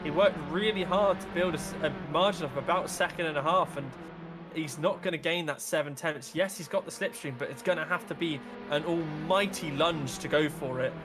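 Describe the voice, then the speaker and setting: A man's voice: a little high, a little fast, music in the background. A man co-commentating a sim race, talking through gaps, slipstream and tactics.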